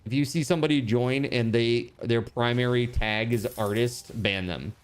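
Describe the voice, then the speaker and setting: A man giving casual, excitable commentary while streaming a survival game. He swears freely, yelps in alarm and breaks into laughter. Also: medium pitch, clear, resonant tone. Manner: retells chats in quick put-on voices.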